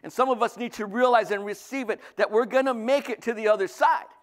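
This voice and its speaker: A male pastor preaching a sermon, lively, swinging from loud bursts to soft asides. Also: very high voice, brisk.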